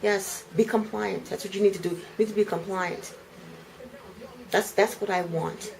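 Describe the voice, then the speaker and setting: A woman's voice: mid-range voice, fairly even intonation, normal speed, creaky, darkish tone, rough recording. A woman angrily venting on camera in her apartment, repeating herself with heated indignation. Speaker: vlogger. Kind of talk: angry home vlog rant. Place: apartment indoors.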